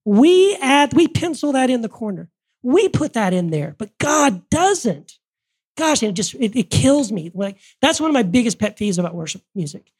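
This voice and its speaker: A woman's voice: on the high side, sing-song, moderate pace, a little mellow, slightly rough. A woman hosting a podcast, talking earnestly in a casual way, often restarting her sentences, recorded live before an audience. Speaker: podcast host.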